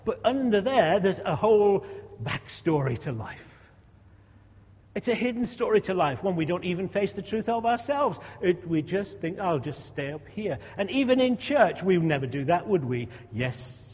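A man's voice: high voice, very animated, normal speed, darkish tone, slightly rough. A man in his sixties preaching a sermon in a conversational way, asking rhetorical questions and repeating words as he goes. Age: 60s. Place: church. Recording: dull echoey hall recording.

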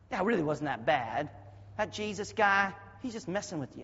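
A high-voiced, husky Southern American man preaching a sermon from the pulpit. He swings from quiet, conversational asides into loud, shouted bursts. The sound is dull and carries a long church-hall reverb. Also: expressive, normal speed. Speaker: pastor. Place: church sanctuary.

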